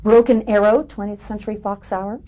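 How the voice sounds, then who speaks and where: A woman conducting an interview. She asks short questions and reads out titles in a brief, matter-of-fact way. Her pitch is in the middle range. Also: steady tone, normal speed, warm tone.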